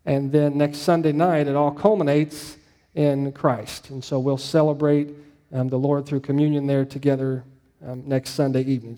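A man's voice: mid-range voice, mellow. A man pastor giving a conversational sermon, telling stories and often checking in with his listeners. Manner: conversational, storytelling, frequent "um" and "right?".

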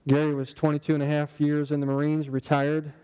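Man, pastor, conversational sermon, rhetorical questions, slightly high pitch. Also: monotone, a little fast, dark tone, clean tone, big-room sound, rough recording.

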